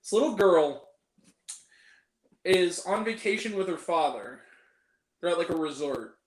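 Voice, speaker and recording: A chatty man with a high voice hosts a loose film review, tossing in jokey asides as he goes. His voice rings in an echoey room. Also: animated, unhurried. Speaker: host. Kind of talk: casual film review chat.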